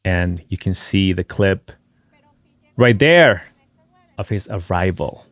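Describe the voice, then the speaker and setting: Slow, mocking male video commentator. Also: sits low, lively intonation, fairly bright tone. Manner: mocking, indignant. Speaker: commentary channel host. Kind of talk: voice-over commentary on social media clips.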